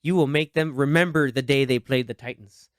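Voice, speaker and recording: Talking briskly at medium pitch, a man hosts a podcast in a dry, clean studio recording. His movie chat is casual and lively, and he performs beloved film lines in put-on voices.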